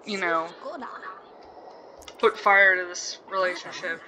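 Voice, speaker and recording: A woman's voice: on the low side, steady tone, slow, a crowd in the background, low-quality recording. A woman hosting a game let's play, chatting casually, swearing freely and reacting aloud to what happens on screen. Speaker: gaming channel host.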